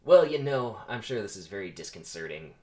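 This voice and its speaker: A man's voice: lowish voice, very animated, fairly quick, a little mellow, echoey room. A man voicing a nervous, polite young male bee in a comedic script reading. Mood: apologetic. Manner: nervous and rambling.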